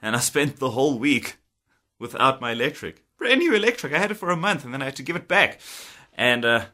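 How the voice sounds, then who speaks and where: Chatty man with a bright voice. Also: medium pitch, sing-song, brisk. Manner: chatty, laughs often, acts out old conversations. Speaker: guitar technician. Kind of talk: casual storytelling to camera.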